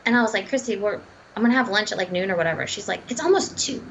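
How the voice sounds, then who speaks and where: A woman dietitian telling her story in a casual interview, animated and acting out quoted dialogue. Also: mid-range voice, very fast, slight background noise, rough recording. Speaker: dietitian and runner.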